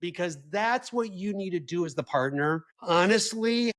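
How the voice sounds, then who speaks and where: A man speaking earnestly and gently to other partners, repeating key words for emphasis as he gives advice. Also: sits high, animated, normal speed. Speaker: husband of a trauma survivor giving advice to partners. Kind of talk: earnest personal advice talk.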